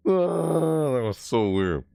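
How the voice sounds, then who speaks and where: A man's voice: low-pitched, lively intonation, measured pace, a little mellow, no echo. A man reacting to a game trailer, breaking into startled yelps and exclamations and swearing mildly. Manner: mild swearing, 'frick' and 'what the heck'. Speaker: gaming video creator. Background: faint trailer music under the voice.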